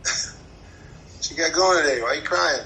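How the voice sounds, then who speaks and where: A man on a phone call asking gentle, concerned questions. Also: on the high side, a little slow, roomy sound, a little hiss or hum. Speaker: caller.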